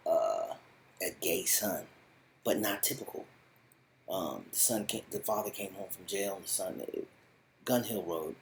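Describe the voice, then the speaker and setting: A man giving a casual spoken review of a TV show in animated, slangy, rambling storytelling. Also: deep voice, a little hiss or hum, rough recording.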